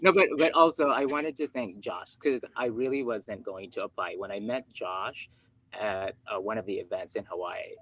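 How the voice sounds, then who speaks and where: A man speaking earnestly as a candidate in an online meeting, thankful and quick to laugh. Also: on the low side, fairly bright tone, low-quality recording. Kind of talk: virtual meeting speech.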